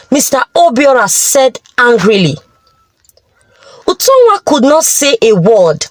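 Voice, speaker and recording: A woman narrating a folktale in a slow, expressive way. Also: sits high, no room sound, low-quality recording. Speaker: storyteller.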